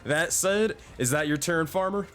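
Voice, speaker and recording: A man's voice: a little high, normal speed, fairly bright tone. A man running a tabletop game online as game master, narrating scenes and laughing often between rolls. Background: faint music.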